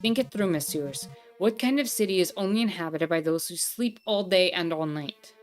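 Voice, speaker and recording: A woman's voice: on the low side, normal speed, faint music behind, lightly acted. A woman reading game dialogue aloud, voicing a grumpy, condescending male bird librarian who talks in a haughty, impatient way. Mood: scornful.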